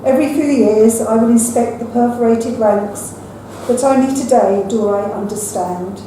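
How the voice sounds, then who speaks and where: An older woman reading her own poems at an open mic in a measured, recited way, with brief chatty asides between them. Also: fairly high pitch, mellow, slight background noise. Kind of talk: poetry reading. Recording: echoey room from far off with faint ambience.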